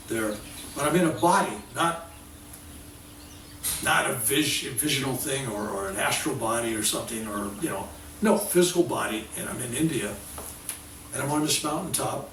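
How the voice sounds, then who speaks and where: Animated older man lecturing in a roomy hall. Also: medium pitch, slight background noise. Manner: animated storytelling, acting out dialogue. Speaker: workshop speaker. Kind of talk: spiritual workshop lecture. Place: workshop room. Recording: roomy sound from a distant mic.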